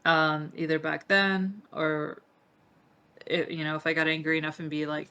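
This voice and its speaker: Low-pitched young woman telling her story in an interview, swears a lot, says like constantly, english isnt her first language. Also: level tone, moderate pace, sharp tone, clean tone, lo-fi sound. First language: not English. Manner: emotional, profane, heavy filler use. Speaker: interview guest. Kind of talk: candid interview conversation.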